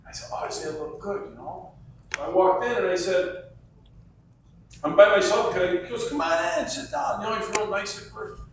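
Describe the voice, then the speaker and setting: Guy telling a story, does all the voices, high voice, far off in an echoey room. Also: normal speed, pauses often, slight background noise. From Chicago. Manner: acts out the voices in his story. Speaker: restaurant customer. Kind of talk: animated anecdote telling.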